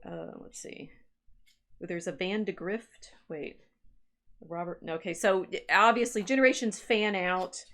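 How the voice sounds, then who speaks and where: A woman's voice: medium pitch, a little slow, fairly bright tone. A woman historian chatting on a livestream, reading family-tree records aloud with musing asides and restarts. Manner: reads genealogy records aloud, musing and self-interrupting. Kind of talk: casual livestream chat.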